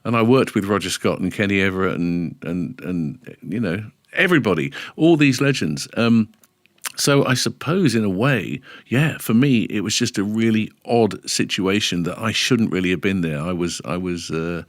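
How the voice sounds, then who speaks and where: A middle-aged man, a radio DJ telling lively anecdotes in a casual podcast interview and acting out the dialogue. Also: on the low side, moderate pace, no room sound, clean studio sound. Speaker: radio DJ guest.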